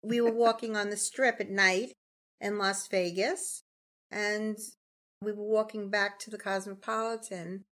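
A woman's voice: mid-range voice, fairly even intonation, a little slow, a bit bright. A woman with a New York accent co-hosts a podcast and talks casually. She tells her stories in a chatty way. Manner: storytelling, chatty. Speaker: podcast co-host. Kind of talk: casual chat.

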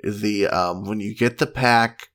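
A man's voice: lowish voice, fairly even intonation, slow, a bit bright. A man co-hosting a podcast, chatting casually and reading product reviews aloud in a wry, mock-earnest way. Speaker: podcast co-host.

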